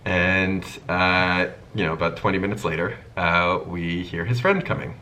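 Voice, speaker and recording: A man with a low voice tells a personal storytime to his channel's viewers. He keeps it casual and animated, acting out each line of dialogue he quotes. A faint noise sits under his voice. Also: normal speed, rough recording. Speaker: YouTube host.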